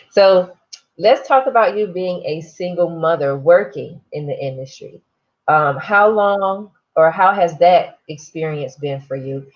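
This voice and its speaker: A woman's voice: fairly low pitch, measured pace. Encouraging woman host on dull audio. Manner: encouraging, affirming listener. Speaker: interviewer host. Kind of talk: casual interview.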